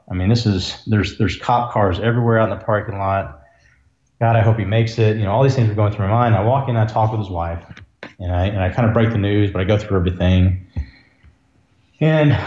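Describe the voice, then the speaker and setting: Earnest low-voiced doctor, roomy sound. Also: male voice, a little mellow, dull audio. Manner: earnest, reflective, emotional at times. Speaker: ER physician, podcast guest. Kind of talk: conversational storytelling.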